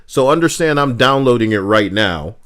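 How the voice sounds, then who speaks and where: A man live-streaming with a co-host, talking casually, animated, swinging from loud outbursts to muttering and swearing often. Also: medium pitch, moderate pace.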